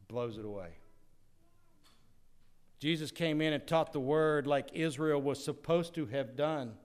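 A male pastor preaching a sermon, swinging dramatically from loud declarations to hushed asides. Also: fairly high pitch, clear, resonant tone.

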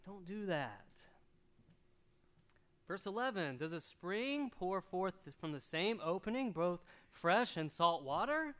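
A middle-aged man preaching a sermon, animated and storytelling, acting out little voices as he goes. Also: sits high, measured pace, hardly any pauses, smooth. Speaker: pastor.

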